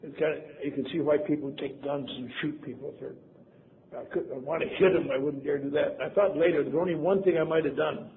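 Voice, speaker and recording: With a slightly high voice, a steady tone, and a fairly quick pace, a convention speaker in his seventies from Wisconsin spins wry, self-deprecating stories and acts out quoted voices. Faint hiss runs under the phone-like lo-fi tape recording.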